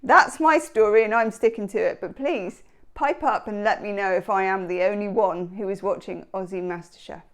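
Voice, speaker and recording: A woman's voice: mid-range voice, moderate pace. A woman giving a tarot reading in a chatty, rambling, enthusiastic way. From England. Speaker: tarot reader. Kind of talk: casual tarot reading chat.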